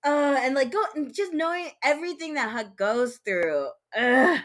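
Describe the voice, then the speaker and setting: A woman's voice: sits high, moderate pace. A woman from Georgia co-hosting a podcast, chatting casually and animatedly, acting out lines with feeling. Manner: animated, dramatic re-enactments. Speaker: podcast co-host. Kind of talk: casual chat.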